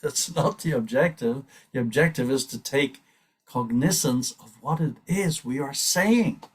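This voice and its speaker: A man leads a devotional scripture class in an earnest, urging tone. His husky voice sits a little back from the microphone. He keeps restarting his sentences and lets small laughs slip in. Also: mid-range voice, measured pace, distant mic. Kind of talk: reflective scripture class talk.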